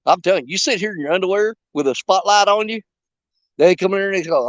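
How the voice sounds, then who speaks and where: A man's voice: high voice, quick pace, dry recording, lo-fi sound. A man chatting on a fishing livestream from a riverbank, joking and rambling in a folksy way. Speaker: fishing vlogger. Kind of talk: casual livestream chat. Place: outdoors on a riverbank.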